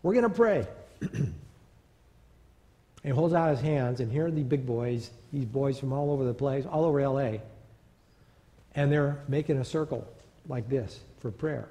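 Pastor telling a story in an echoing church. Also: male voice, mid-range voice, normal speed. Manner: conversational, animated storytelling with fillers. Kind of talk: storytelling sermon. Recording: long church reverb.

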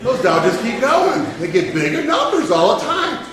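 A man tells a story to children, playful and quizzing his listeners. His voice is high, bright and very lively, and he sounds far from the mic in a roomy, echoing hall. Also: moderate pace. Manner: playful, asks the audience questions.

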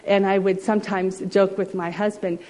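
A woman preacher giving a sermon as a story, gentle and often dropping to a soft hush. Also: mid-range voice, little pitch movement, moderate pace, rough recording.

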